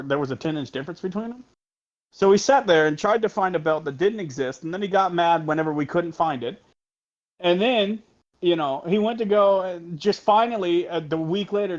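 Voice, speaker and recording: A man's voice: a little high, muffled recording. A young man, co-host of a podcast, telling a long, profane, rambling story about a customer at his parts store. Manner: rambling, profane, full of fillers. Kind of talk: casual storytelling.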